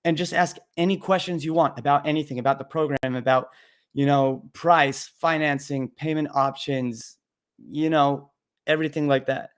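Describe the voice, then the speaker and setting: A young man runs a casual live Q&A about learning to code. He answers bluntly, cracks jokes, and rambles a bit with ums and uhs, in a voice pitched a little above the usual male range. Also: fairly even intonation, moderate pace, smooth. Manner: blunt, joking, rambling with fillers. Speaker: livestream host answering coding questions.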